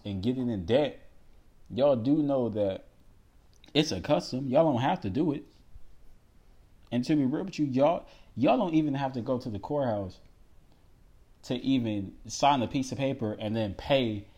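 A man hosting a podcast by himself discusses scripture in a casual, emphatic way, his mid-range voice dark in tone. He reads verses aloud slowly and puts rhetorical questions to the audience.

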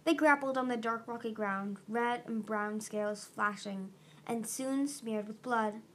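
A woman reading a fantasy novel aloud as an amateur audiobook, steady with small restarts. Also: a little high, a little slow, slight background noise. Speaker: audiobook reader.

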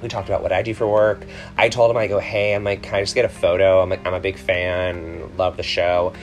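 Guy podcasting, kinda low voice, rambly with lots of ums, soft guitar behind. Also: level tone, brisk. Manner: chatty, rambling, with many ums and self-corrections. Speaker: podcast host. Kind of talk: casual chat.

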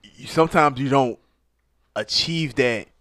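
A man talks in a loose, animated way, often laughing and repeating himself. His voice sits in a middle register. The sound is dry and close to the mic. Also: mid-range voice, a little slow, no echo. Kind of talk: casual chat.

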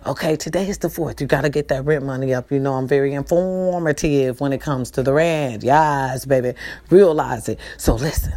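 A woman's voice: a bass voice, moderate pace. A middle-aged woman vlogging in a casual, half-whispered voice, repeating herself and pleading with her viewers, calling them y'all. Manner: half-whispering, soft-spoken. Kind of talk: casual morning vlog talk.

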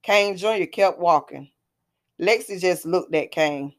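A woman narrating a scripted drama story in a plain, even reading. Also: on the low side, measured pace.

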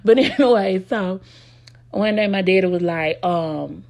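A woman's voice: mid-range voice, a little slow, a little mellow, no echo. A young adult woman telling a candid, rambling personal story to her viewers on a phone, full of "you know what I'm saying". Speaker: vlogger.

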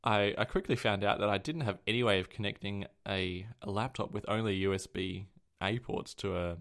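A low, gravelly man's voice co-hosting a casual tech chat. He wanders through his stories, stopping to correct himself mid-sentence. The fry in his voice stays steady throughout. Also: a little fast. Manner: rambling, self-correcting storyteller. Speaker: podcast co-host.

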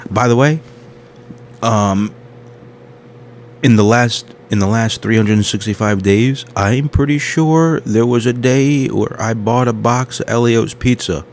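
A man's voice: mid-range voice, measured pace, slight background noise. A man hosting a comedy podcast, rambling through a crude, self-mocking monologue full of tangents. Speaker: podcast host.

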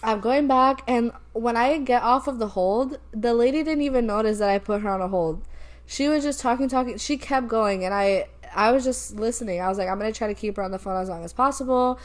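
A woman's voice: a little high, a little fast. A young woman co-hosting a podcast, animatedly retelling a story about a work call in casual chat. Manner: animated, retells calls with quoted voices, laughs often. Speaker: podcast co-host.

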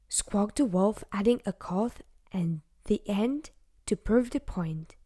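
A woman narrating a fairy tale in a gentle, unhurried storybook manner, sometimes dropping to a whisper. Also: mid-range voice, expressive, husky.

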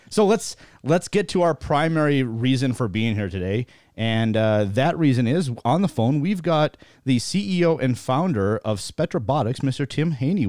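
A man's voice: medium pitch, darkish tone, no echo, studio quality. A man hosting a podcast in a loose, joking style, with frequent fillers as he introduces guests. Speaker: podcast host. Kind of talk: casual interview chat.

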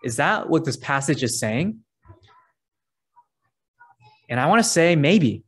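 A man's voice: on the high side, big pitch swings, takes it slowly, a bit bright, breathy edge. A man preaching a sermon, earnest and conversational, reading scripture verses aloud between his points. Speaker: pastor.

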